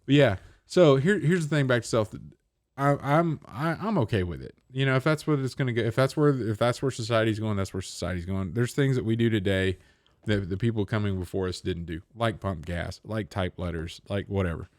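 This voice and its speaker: A man's voice: on the low side, brisk, no room sound, clean studio sound. A man co-hosting a podcast, telling a casual story and acting out the other people in it. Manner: animated storyteller, acts out other people's lines. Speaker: podcast co-host.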